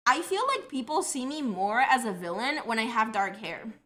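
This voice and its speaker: Bright-voiced Colombian woman streamer. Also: on the high side, expressive, moderate pace. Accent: Colombian, long in Canada. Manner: rambling, self-deprecating storytelling. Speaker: livestreamer. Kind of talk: casual chat with stream chat.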